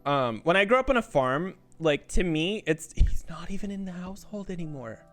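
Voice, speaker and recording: A man streaming a video game, swearing, yelling at the game and laughing in bursts of frantic protest. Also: high-pitched, animated, moderate pace, faint music behind. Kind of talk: live-streamed gameplay commentary.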